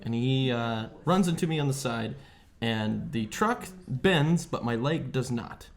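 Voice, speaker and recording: Profane, animated man telling a story. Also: medium pitch, a little slow. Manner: profane, animated storyteller who acts out quotes. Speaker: podcast host. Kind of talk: casual storytelling over beers.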